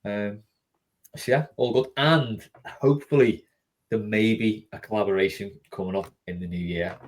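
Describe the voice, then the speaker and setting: A man hosting a casual podcast chat, talkative and quick to laugh and tease. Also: lowish voice, fairly even intonation. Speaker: podcast host.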